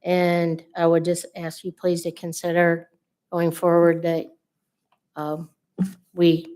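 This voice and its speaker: A woman speaking at a podium mic in a council chamber, asking the council for something. Her voice is a little low and almost completely flat in pitch, and she comes across as earnest, polite and a bit hesitant. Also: unhurried. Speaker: resident speaking at public comment. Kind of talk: public comment at a council meeting. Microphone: podium microphone.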